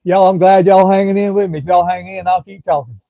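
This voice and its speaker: Southern man, middle-aged, rambling folksy live-stream host, slightly high voice, dry thin phone-like sound. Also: fairly even intonation, brisk, no echo. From Florida. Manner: rambling, folksy, drawling, chats to commenters by name. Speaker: livestream host. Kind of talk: casual live-stream chat with viewers.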